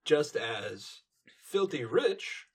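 A man co-hosting a podcast, chiming in with quick interjections and playful asides in casual conversation. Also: a little high, very animated, husky. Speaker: podcast co-host. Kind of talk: casual podcast episode review.

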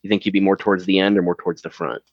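A man's voice: deep voice, flat delivery, racing, dry recording, highs cut off. A man on an online call, joking around in casual banter with many fillers before a recording. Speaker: cast member of an audio drama. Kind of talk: casual pre-show banter. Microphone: online video call.

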